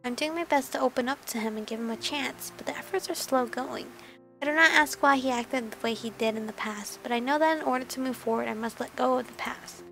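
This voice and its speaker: A woman's voice: high-pitched, a little fast, vocal fry, fairly bright tone, soft background music. A young woman reading a romance visual novel aloud as let's play narration, breaking off for gushing asides.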